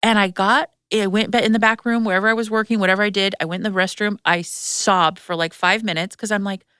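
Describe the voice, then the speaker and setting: A woman's voice: mid-range voice, steady tone, fast, bright, forceful tone, clear, resonant tone, no echo, studio quality. Frank, swearing woman podcast host. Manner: frank, swears freely, many fillers; emotional, tearful retelling. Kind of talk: candid personal storytelling chat.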